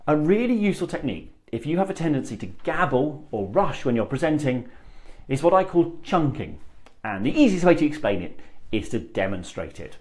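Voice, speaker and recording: A man working as a speech coach, explaining a technique to camera in a deliberate, assured way, breaking his sentences into phrases with long pauses. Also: fairly high pitch, sing-song, darkish tone. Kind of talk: presenting tips to camera.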